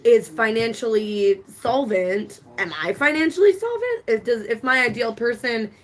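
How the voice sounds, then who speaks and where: A woman's voice: a little high, expressive, normal speed. A woman co-hosting a van life livestream, chatting casually, laughing often and trailing off mid-thought. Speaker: van life channel co-host.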